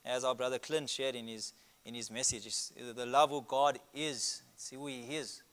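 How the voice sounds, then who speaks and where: A man's voice: mid-range voice, fairly even intonation, clear, resonant tone. Emphatic male preacher stressing key words. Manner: emphatic, stresses key words loudly, slows for scripture quotes; explains word meanings and grammar step by step. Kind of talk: sermon.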